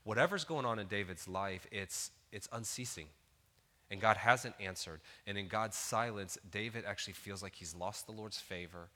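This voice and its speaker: A man's voice: fairly low pitch, moderate pace, pushed and bright, big-room sound. A man in his thirties preaching a sermon in an earnest, conversational way, building to emphatic peaks. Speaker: pastor.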